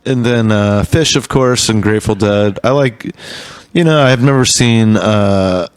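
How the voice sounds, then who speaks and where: A man's voice: lowish voice, a little slow, clear, resonant tone, dry recording. A young man, a singer-songwriter guest speaking in his home studio, chatting in a laid-back, offhand way and laughing easily. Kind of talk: casual chat.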